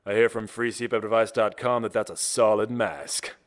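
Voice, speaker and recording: A man's voice: lowish voice, fairly even intonation, normal speed, close to an everyday voice. A man voicing a bossy, know-it-all male customer who barks curt orders.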